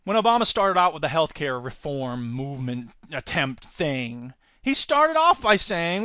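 Man, American, podcast host, high voice, bright tone, dry close sound, rambling political rant. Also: big pitch swings, normal speed, dry recording. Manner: opinionated, rambling, mocking mimicry of politicians. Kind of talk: casual political commentary.

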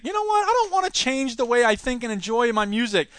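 High-voiced, sarcastic male podcaster. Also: sing-song, fairly quick, fairly bright tone, no echo. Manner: sarcastic, exasperated ranting. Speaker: podcast host. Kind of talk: solo comedic podcast rant.

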